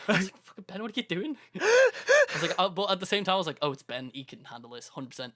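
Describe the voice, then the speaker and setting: His voice is a little high and sharp, swinging hugely in pitch as he talks fast. A young man co-hosting a podcast, he tells a story casually, acting out quotes and laughing often.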